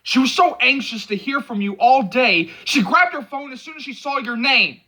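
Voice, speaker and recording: A man voicing a protective young male friend who scolds and yells at a drunk companion. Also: very high voice, normal speed, voice pushed up, heavily acted. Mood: scolding, shouting. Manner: yelling, scolding.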